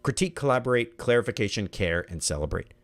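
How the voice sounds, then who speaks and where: A man's voice: medium pitch, expressive, fast talker. A middle-aged man presenting an online workshop in an earnest, conversational way, often repeating words as he thinks.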